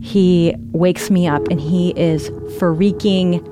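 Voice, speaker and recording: A woman's voice: on the low side, steady tone, takes it slowly, music in the background. A woman telling a personal story in a candid, conversational way, sometimes acting out what people said. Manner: candid, conversational, reenacts dialogue. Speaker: guest storyteller.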